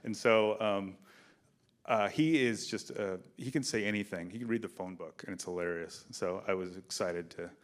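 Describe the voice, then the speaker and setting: A man with a fairly low voice tells behind-the-scenes stories at a film festival Q&A. He talks in a relaxed, animated way and jumps into quoted lines as he goes. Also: moderate pace. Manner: animated storyteller, acts out quoted dialogue. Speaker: film director. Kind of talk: festival Q&A interview. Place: theater stage, in front of an audience.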